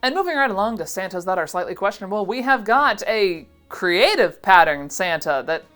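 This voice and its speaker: A woman's voice: medium pitch, lively intonation, brisk, a bit bright, faint music behind. A young adult woman giving a casual, sarcastic reaction commentary as a vintage seller vlogger. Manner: playful, sarcastic asides.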